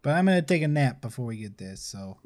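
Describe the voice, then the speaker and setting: A man playing a tabletop role-playing game, laid-back and quick to laugh. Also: medium pitch, very animated, a little mellow. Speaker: player. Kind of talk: casual tabletop role-play.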